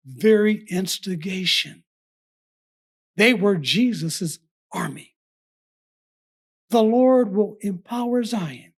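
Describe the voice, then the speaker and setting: A woman delivering a scripted Bible study sermon in a measured, emphatic, formal way. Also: mid-range voice, slightly rough. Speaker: preacher.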